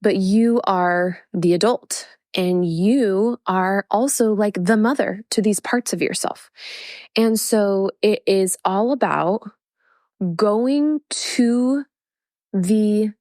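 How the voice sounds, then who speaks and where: A woman's voice: mid-range voice, slow, darkish tone, no echo, clean studio sound. A woman hosting a podcast, teaching postpartum mothers in an earnest, chatty way with lots of fillers and restarts. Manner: earnest, chatty, many fillers and self-corrections. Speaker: podcast host and postpartum coach. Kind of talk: casual teaching monologue.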